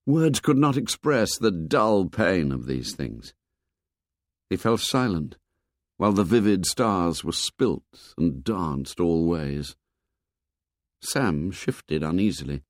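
Man reading a novel aloud, expressive, super dry close sound. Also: fairly low pitch, measured pace, dry recording. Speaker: narrator. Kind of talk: audiobook narration.

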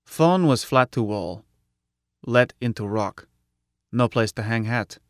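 A man's voice: medium pitch, animated, slow pace, dry recording, clean studio sound. A man narrating a story in the first person, with blunt, clipped phrasing. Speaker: audiobook narrator.

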